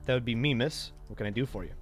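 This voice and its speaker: A man's voice: mid-range voice, fast talker, faint music behind, lightly acted. A man reading out a proud, vain strongman from a game in a haughty, dismissive way.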